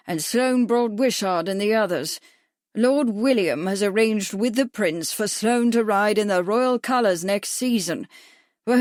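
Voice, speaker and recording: A woman reading voices a deaf, gruff elderly male doctor who talks loudly and sharply. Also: a little high, no echo, clean studio sound, close to an everyday voice. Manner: loud, sharp, scolding.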